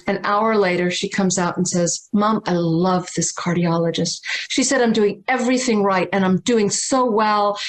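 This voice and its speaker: Middle-aged woman from massachusetts, storytelling on a video call, earnest and animated. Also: medium pitch, rough recording. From Massachusetts, USA. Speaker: guest teacher. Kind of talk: storytelling in a livestream talk.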